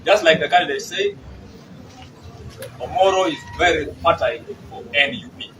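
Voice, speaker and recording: A man's voice: on the high side, moderate pace. A man with a Ugandan English accent, a party regional chairperson, speaking emphatically at a press briefing. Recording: noisy room from far off.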